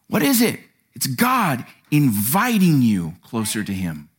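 A man preaching a sermon in a church, animated and acting out quotes. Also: unhurried, slightly rough. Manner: animated, acts out quotes with sudden pitch jumps. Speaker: pastor.

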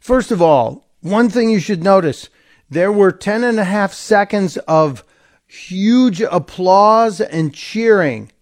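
A man's voice: high-pitched, expressive, takes it slowly. A man hosting a talk radio show, giving an opinionated, sarcastic monologue and mocking the people he quotes.

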